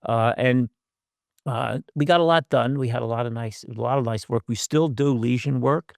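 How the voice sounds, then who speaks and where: An older man gives a relaxed, conversational lecture over a video call, with a gravelly voice at a middling pitch. He adds wry, self-deprecating asides and fills his pauses with uhs. The sound is dry and close. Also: no room sound. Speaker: guest speaker, professor.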